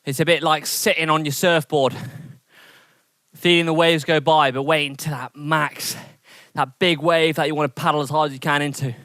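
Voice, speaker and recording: A man coaching an indoor cycling workout, energetic and encouraging as he calls out intervals and counts down, sweating as he rides. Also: on the high side, normal speed, no room sound, studio quality. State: sweating from exertion. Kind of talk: coaching a training session.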